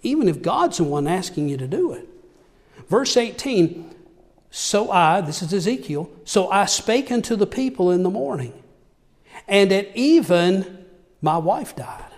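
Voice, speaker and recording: A high-pitched male preacher delivers a sermon, reading verses aloud before explaining them. He puts questions to his listeners as he goes. His voice rings with the long reverb of a large hall. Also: sing-song, a little slow. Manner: reads scripture aloud then explains it, asks the listeners questions.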